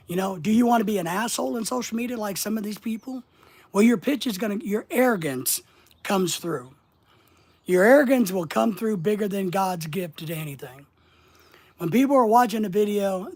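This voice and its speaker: A middle-aged man coaching about social media in a folksy, deliberate way, asking his listeners question after question and pausing often. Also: high voice, a little mellow. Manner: folksy, asks the audience rhetorical questions, slow deliberate pauses. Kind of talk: motivational instructional monologue.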